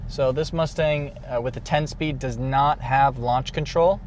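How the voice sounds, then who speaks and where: A man's voice: medium pitch, steady tone, measured pace, few pauses. A young man giving a casual, chatty car review from in and around a car, with frequent fillers. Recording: loud car and road noise.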